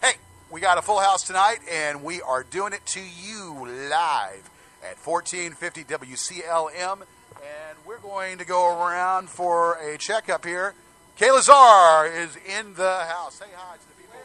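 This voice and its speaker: A man hosting a live radio show, bawdy and showy, jumping from loud announcements to low asides. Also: a little slow. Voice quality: showy, bawdy, swings from shouting to mumbling. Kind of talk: brash live radio banter.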